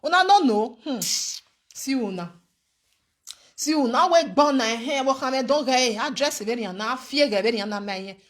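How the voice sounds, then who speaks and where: A young adult woman with a Nigerian accent, giving animated, preachy advice to her viewers and often stopping to ask "eh?". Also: high-pitched, normal speed. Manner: animated and preachy, with frequent rhetorical "eh?". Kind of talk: casual commentary to viewers.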